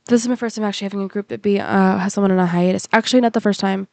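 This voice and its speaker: Young woman, chatty reaction vlogger, rambling with fillers, fry in the voice, dry close sound. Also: medium pitch, steady tone, very fast, a little mellow, dry recording. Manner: emotional, on the verge of tears. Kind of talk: casual reaction chat. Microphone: computer mic.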